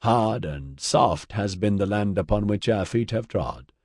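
A man reading an audiobook, voicing an ancient, sad female alien who speaks in slow, lilting riddles. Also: fairly low pitch, expressive, a little mellow, dry recording, clean studio sound. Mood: mournful. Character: ancient serene female alien singer, mournful.

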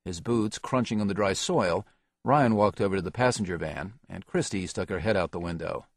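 A man reads an action novel aloud in a steady, even narration. His voice is very low. The recording is dry and close, with no room sound. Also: moderate pace, no echo. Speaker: audiobook narrator. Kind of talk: scripted narration.

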